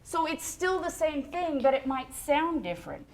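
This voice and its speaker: A woman with a slightly high voice teaches music on a studio show. She explains rhythm to a young student in a chatty, encouraging way and hums the beats as she goes. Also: sing-song, moderate pace. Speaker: music educator. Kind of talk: explaining music to a child on air.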